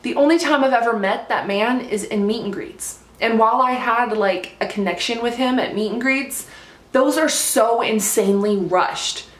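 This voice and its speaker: Woman, vlogger, casual storytelling, gushing, lots of "like", higher voice, roomy echo. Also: moderate pace. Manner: gushing, heavy use of "like".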